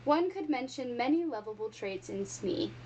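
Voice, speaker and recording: A woman reading a children's storybook aloud with expressive, animated storytelling. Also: a little high, moderate pace, a little hiss or hum, rough recording. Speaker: reader.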